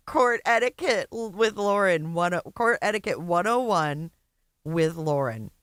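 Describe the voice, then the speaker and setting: A woman's voice: on the low side, expressive, measured pace, fairly bright tone, clean tone, no echo, clean studio sound. A woman hosting a commentary channel, reacting to clips with mocking, sarcastic asides and repeating lines back.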